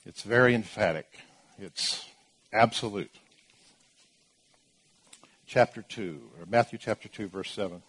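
Husky low-voiced man teaching scripture. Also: unhurried, long pauses, a bit bright. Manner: emphatic, explains scripture with asides and restarts. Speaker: preacher. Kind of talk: verse-by-verse Bible teaching.

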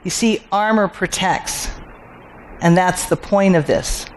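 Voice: medium pitch, slow pace, a little hiss or hum. A Bible teacher working through scripture verse by verse, asking rhetorical questions, answering them, and repeating key phrases for emphasis.

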